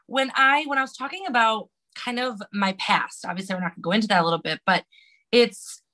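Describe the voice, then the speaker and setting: A woman's voice: a little high, a little fast, pushed and bright, low-quality recording. A woman guest on a podcast, speaking in an earnest, heartfelt way and laughing easily. She shifts between chatting casually and reading a passage aloud. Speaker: interview guest.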